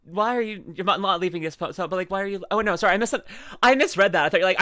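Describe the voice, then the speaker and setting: Woman streamer, casual reaction chat, giggly and rambling, reads chat aloud, very lively pitch, dry close sound. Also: very fast, hardly any pauses, no room sound.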